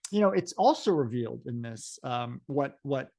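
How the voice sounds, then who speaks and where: Guy cohosting a comics podcast, rambles, lots of "you know", mid pitch. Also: lively intonation, moderate pace, gravelly, darkish tone. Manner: rambling, frequent fillers and restarts. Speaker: podcast co-host. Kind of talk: casual podcast chat about comics.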